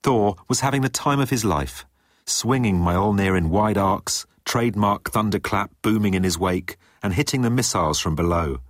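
A man reading a story aloud as narrator, in a lively storytelling way. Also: lowish voice, normal speed, no echo, studio quality. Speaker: audiobook narrator. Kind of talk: scripted narration.

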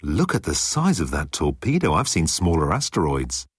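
A man voicing an anxious, flustered young man with a high, pleading way of talking. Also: wildly swooping pitch, moderate pace, slightly rough, dry recording, clean studio sound, full character voice. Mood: worried.

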